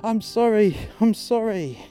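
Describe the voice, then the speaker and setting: A man's voice: animated, a little slow, warm tone, faint music behind. A man voicing an abusive, screeching woman customer who rants and swears. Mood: pleading. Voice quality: shrill, screeching. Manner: ranting, swearing, demanding.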